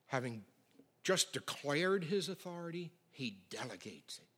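A middle-aged male pastor preaching a sermon with emphatic swings from loud declarations to near whispers. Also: a little high, very animated, measured pace, husky.

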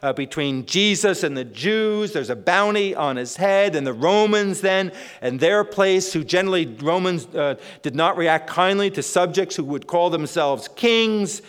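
A man's voice: high-pitched, animated, unhurried, few pauses, a bit bright, clean tone. A male pastor preaching a sermon to his congregation, emphatic, repeating phrases and often restarting his sentences. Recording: long hall reverb.

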